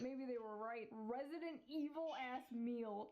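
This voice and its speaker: A woman with a fairly high voice delivers sarcastic reaction commentary. Her delivery is deadpan and sardonic, with casual swearing. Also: measured pace, hardly any pauses.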